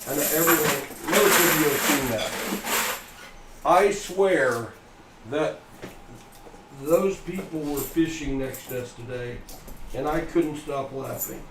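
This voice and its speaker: A man's voice: on the high side, slow pace, pauses often. A middle-aged man hosting a coin-hunting livestream in a folksy, chatty way. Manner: chatty, folksy, laughs at his own jokes. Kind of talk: casual live-stream chat. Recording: echoey room, from far off, noisy.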